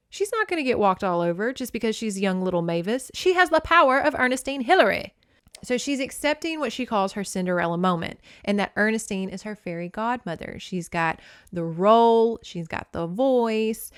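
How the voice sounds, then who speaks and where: A woman's voice: a little high, lively intonation, moderate pace, smooth, no room sound, studio quality. A young adult woman hosting a podcast, recapping a book in a candid, opinionated way and swearing freely. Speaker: podcast host.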